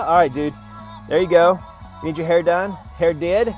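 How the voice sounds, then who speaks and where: A man's voice: fairly high pitch, normal speed, soft background music. A man rambling and swearing in a casual vlog, talking to his phone camera from a parked vehicle. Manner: rambling, profane, talks to camera in bursts. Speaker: vlogger.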